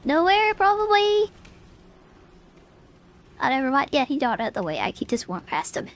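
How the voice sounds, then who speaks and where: High, lively woman streaming a game. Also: fast, vocal fry, slight background noise. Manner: chatty, filler-heavy, talks to chat. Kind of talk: casual gaming commentary.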